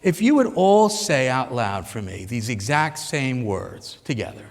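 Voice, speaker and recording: Animated middle-aged man lecturing in a hall. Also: mid-range voice, a little slow, few pauses. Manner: animated, engaging speaker who acts out quoted thoughts. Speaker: psychiatrist giving an expo lecture. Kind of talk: public lecture to a live audience. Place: large hall at an expo.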